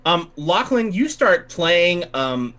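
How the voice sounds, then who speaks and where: A man running a tabletop game as game master, narrating the action and slipping into quick voices for the crowd. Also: high-pitched. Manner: animated, acts out crowd voices. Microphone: home mic on a livestream.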